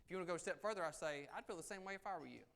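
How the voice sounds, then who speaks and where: A middle-aged man giving a live negotiation seminar, swinging between loud emphasis and soft, low asides. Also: animated, rapid-fire, gravelly. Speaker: negotiation speaker. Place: meeting room with audience.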